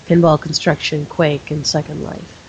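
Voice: mid-range voice, flat delivery, moderate pace. A podcast co-host explaining game mechanics step by step in casual chat. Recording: dull lo-fi mic with faint hiss.

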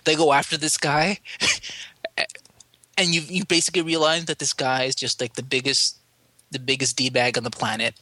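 Male podcast co-host, bright and dry, lively storyteller who acts out the people he quotes. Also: a little high, moderate pace, no echo. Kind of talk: casual podcast chat.

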